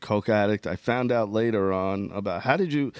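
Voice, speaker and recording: A man's voice: on the low side, normal speed, smooth, no echo. Laid-back man with a dry sound. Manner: laid-back, agreeable, chimes in with short replies. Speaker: co-host. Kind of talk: casual frank chat.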